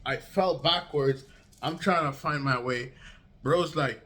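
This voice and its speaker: A young man vlogging a casual storytime, slangy and swearing, acting out quotes with big jumps in pitch. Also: slow, pushed and bright.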